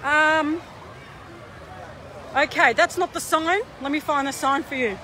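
A woman's voice: high-pitched, a little slow, pushed and bright. A woman livestreaming on a phone held in her hand at a busy waterfront. She rants in an indignant, exasperated way. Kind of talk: outdoor phone livestream rant. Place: busy outdoor waterfront and pool area. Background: faint crowd chatter and outdoor noise.

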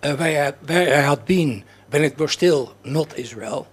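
Audience member, male, rambling and halting, slightly higher voice. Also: breathy edge. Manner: halting, rambling, many fillers. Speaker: audience member asking a question. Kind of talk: rambling question from the floor. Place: lecture hall.

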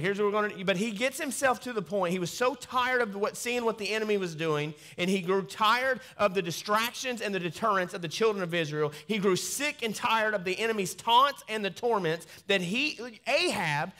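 A pastor reading scripture aloud in a sermon, breaking off into quieter conversational asides. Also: male voice, sits high. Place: church sanctuary.

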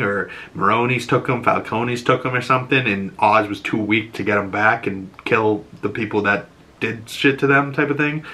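A man's voice: fairly low pitch, bright, forceful tone. A man hosting a podcast, recapping a TV episode in a loose, chatty way with plenty of swearing and filler words. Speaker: podcast host.

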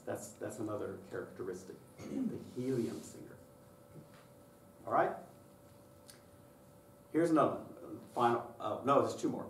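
Man presenting a music workshop, animated. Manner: lively, breaks into high falsetto to imitate children. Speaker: choir director and workshop presenter. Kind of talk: conference workshop talk with sung demonstrations. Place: conference room. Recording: roomy distant recording with faint noise.

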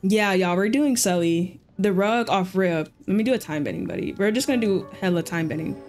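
A woman live streamer chatting casually and excitedly with her viewers while she plays, using lots of slang. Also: mid-range voice, a little fast, soft background music.

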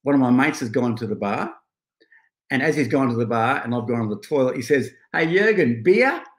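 A man's voice: medium pitch, fairly quick, reverberant. A middle-aged Australian man, a guest on a podcast, telling stories in a casual chat with frequent laughter. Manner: storytelling, laughing, animated.

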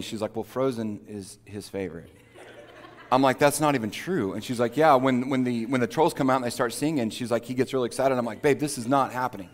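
A man preaching a sermon, telling a personal story in a conversational way that builds to emphatic preaching. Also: medium pitch. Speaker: pastor.

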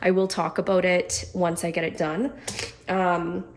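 A woman with a cold talks through her beauty products in a chatty vlog, her voice nasal and congested. Her voice sits a little low, and she rambles cheerfully, trailing off mid-thought. A faint hiss runs under the recording. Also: level tone, moderate pace, a little mellow. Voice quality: nasal, stuffy. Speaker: beauty vlogger. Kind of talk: casual product chat to camera.

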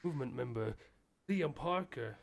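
A man's voice: medium pitch, animated, normal speed, vocal fry. A man in casual gaming chat over online voice chat, laid-back, greeting chat members.

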